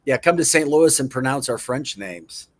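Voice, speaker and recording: A man's voice: medium pitch, animated, moderate pace. Playful chuckling male show host. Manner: playful, repeats words in mock pronunciations, chuckles often. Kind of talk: casual studio chat.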